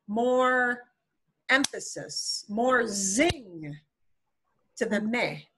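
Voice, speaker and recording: A woman's voice: a little high, expressive, drawn-out words, bright, forceful tone, husky. A woman teaching a beginner Spanish class, explaining patiently with playful comparisons.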